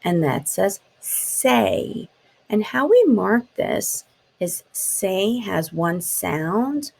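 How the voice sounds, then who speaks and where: Slow, gravelly woman teaching phonics. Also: medium pitch, sing-song, darkish tone, low-quality recording. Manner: slow, sounds out letters and taps words. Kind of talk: phonics lesson for young children.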